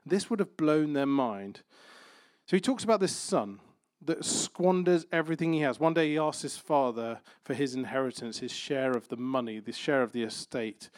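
Man, conversational sermon, light playful asides, mid-pitched, dry close sound. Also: dry recording. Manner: conversational preaching with playful everyday examples. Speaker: pastor.

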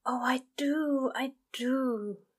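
A woman's voice: high-pitched, big pitch swings, slow pace, fairly bright tone, voice pushed up, heavily acted. A woman doing a tipsy, flustered angel man. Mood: whispered. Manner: stumbling, breathless and eager. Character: tipsy eager male angel, fussy and flustered.

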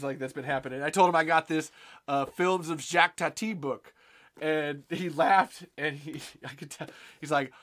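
A young man chatting on a live stream, excitable and rambling, swearing often as he talks. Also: on the high side. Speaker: podcast host on a live stream. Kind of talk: casual live-stream chat.

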